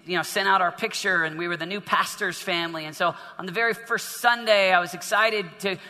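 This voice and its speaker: A male preacher with a high, very bright voice tells a story in a sermon, circling back and repeating himself as he goes. His words ring out under a long hall reverb. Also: fairly even intonation, brisk. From northern United States. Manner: storytelling with frequent repetitions and restarts.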